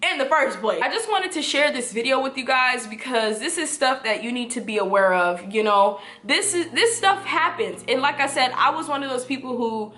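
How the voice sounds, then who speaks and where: A woman's voice: high voice, expressive, normal speed, hardly any pauses, pushed and bright. A woman in her twenties telling a personal story to camera, earnest and emphatic, often repeating points for stress. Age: 20s. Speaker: vlogger. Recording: echoey room.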